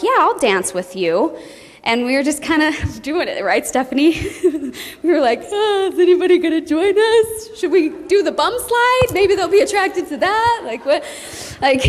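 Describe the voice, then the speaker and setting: A middle-aged woman leading a motivational team training for a live audience, animated and laughing often, acting out quotes in a high excited voice. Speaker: team leader speaking at a training. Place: meeting hall with audience. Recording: reverberant hall from a room mic.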